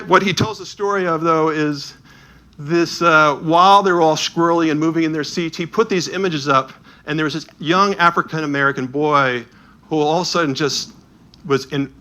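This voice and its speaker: Man telling lively stories, bright voice. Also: on the high side, moderate pace. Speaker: presenter of an illuminated Bible. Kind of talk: storytelling talk with slides.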